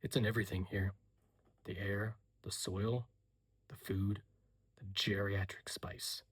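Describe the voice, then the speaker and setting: A man's voice: steady tone, takes it slowly, breathy edge. A man murmuring as a tormented young man. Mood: ominous. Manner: hushed, low and tense. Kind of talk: whispered role-play.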